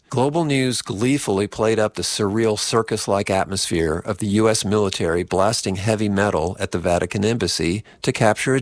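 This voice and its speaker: A man narrates a documentary-style script in a low, steady voice. He slips in dry, wry asides. The recording is dry and close, with no room sound. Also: no room sound.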